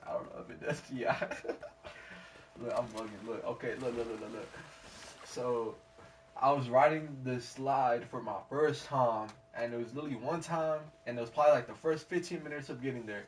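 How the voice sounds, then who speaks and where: A man's voice: mid-range voice, normal speed. Rambling young man streamer, slangy. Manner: rambling, slangy, laughs at himself, reenacts quotes loudly. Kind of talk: casual storytelling while gaming. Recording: distant mic with faint background noise.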